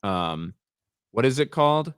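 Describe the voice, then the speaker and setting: A man's voice: medium pitch, sing-song, a little slow, clear, resonant tone. Profane, rambling male stream host. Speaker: show host reading viewer comments. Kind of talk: casual livestream chat.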